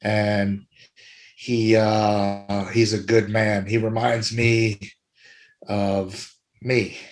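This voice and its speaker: A middle-aged man talking casually as a podcast guest, warm and rambling, often repeating himself. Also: lowish voice, flat delivery, drawn-out words. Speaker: podcast guest, arm wrestler.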